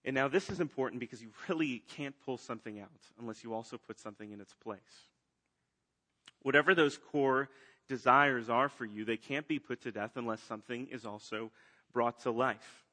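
A man preaching a sermon, swinging between loud emphatic lines and hushed ones. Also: medium pitch, moderate pace. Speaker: pastor.

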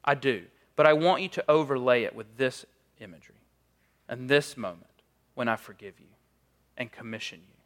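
A man's voice: mid-range voice, moderate pace, a bit bright. A man preaching a sermon in a conversational, storytelling way, with frequent casual fillers.

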